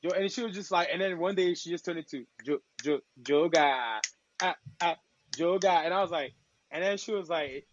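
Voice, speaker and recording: A man from Togo, a podcast guest and DJ, telling stories in casual chat with slangy, lively talk. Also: high voice, fast talker, lo-fi sound, slight background noise. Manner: lively, acts out quoted voices, slangy.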